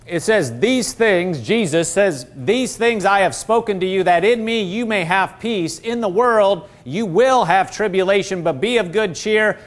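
A middle-aged pastor preaching a sermon in a fairly high voice. He quotes scripture and calls out to his congregation for answers. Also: unhurried, hardly any pauses. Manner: preaching with call-and-response, quoting scripture.

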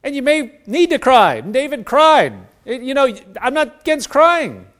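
A man's voice: very high-pitched, big pitch swings, moderate pace, fairly bright tone. A man preaching a sermon, earnest, acting out the prayers of the people he addresses. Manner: earnest, acts out prayers in quoted voices.

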